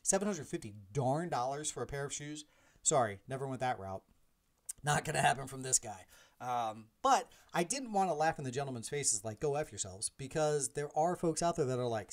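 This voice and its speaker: A man in his forties, a podcast host, telling a personal story in a casual, animated way, acting out the dialogue and making self-deprecating asides. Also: mid-range voice, a little fast. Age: 40s.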